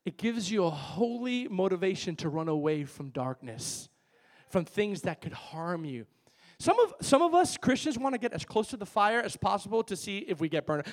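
A male pastor preaching a sermon in a church, calling out to the congregation for answers and telling lively stories. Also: high voice, normal speed. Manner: emphatic call-and-response preaching with lively storytelling. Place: church with a worship team.

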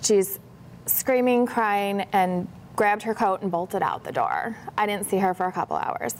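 A woman's voice: mid-range voice, a little slow, a little hiss or hum. A woman, a professional organizer, telling stories in a casual interview and acting out the dialogue in a livelier voice. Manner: animated, acts out dialogue in a brighter voice.

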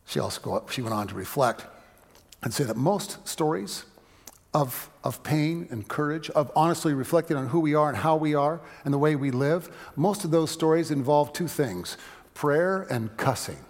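Man, pastor, preaching, gravelly, husky, long hall reverb. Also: fairly high pitch, expressive, normal speed. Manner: conversational preaching, voice rising for emphasis, dropping to a hush for stories. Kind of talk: sermon.

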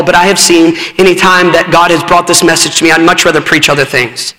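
In a reverberant church sanctuary, a man with a high, pushed, bright voice preaches urgently, telling stories to his congregation.

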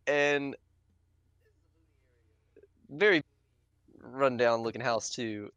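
A man's voice: mid-range voice, very slow, a bit bright, clear, resonant tone, dry recording, muffled recording. A young man telling a rambling, profanity-laced story to friends, laughing as he goes. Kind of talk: casual storytelling among friends.

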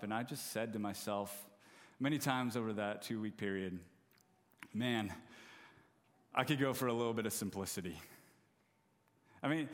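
A man in his thirties preaching a sermon, telling a self-deprecating, humorous story about his family. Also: medium pitch. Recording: long hall reverb.

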